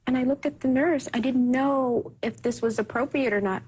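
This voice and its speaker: A woman speaks in an interview, telling an emotional personal story. Her voice is breathy and husky and sits a little high. She talks softly and haltingly, circling back and repeating phrases. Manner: halting, repeats herself, soft-spoken.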